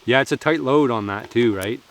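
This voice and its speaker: A man's voice: medium pitch, brisk. A man chatting casually while cooking at an outdoor forest camp, joking and laughing often.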